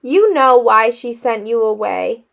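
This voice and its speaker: A no-nonsense older great-aunt scolds and corrects the people around her with firm patience, voiced by a woman reading a storybook aloud. The voice is high and the pace is unhurried. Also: expressive, vocal fry, fairly bright tone, heavily acted. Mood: firm, scolding.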